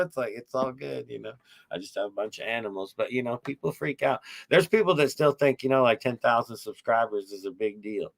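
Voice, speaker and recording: A man's voice: mid-range voice, fairly quick, creaky. A middle-aged man hosting a casual podcast chat, telling rambling, profane, wry stories about his YouTube channel.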